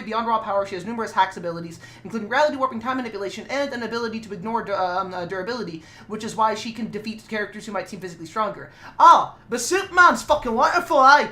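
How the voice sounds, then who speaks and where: A woman from Nevada chatting casually on a stream while drawing, rambling and swearing in quick asides. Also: medium pitch, bright, forceful tone.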